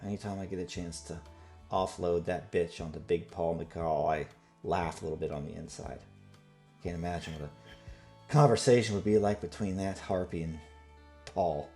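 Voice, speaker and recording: A man's voice: low-pitched, steady tone, normal speed, warm tone, soft background music. A man voicing a chatty, snide woman bartender who gossips about locals. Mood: gossipy.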